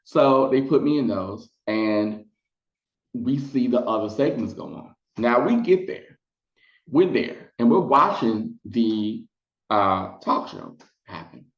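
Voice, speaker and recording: A man telling a casual storytime to his viewers, chatty and animated, slipping into high put-on voices when quoting people. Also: slow, echoey room, lo-fi sound. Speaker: storytelling vlogger.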